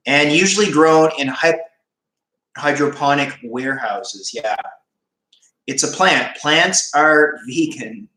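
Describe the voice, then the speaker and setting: Bright-voiced chatty man in an echoey room. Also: a little high, animated, slow. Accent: Canadian. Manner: chatty, rambling, jokey, laughs often. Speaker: YouTube channel host on a live stream. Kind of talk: casual livestream chat, reading viewer comments.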